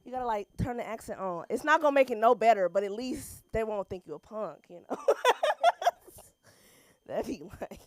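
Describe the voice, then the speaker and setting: A woman's voice: a little high, animated, normal speed, dry recording. A woman doing open-mic stand-up in a small comedy club, playful and chatty, talking to the room and the stream chat.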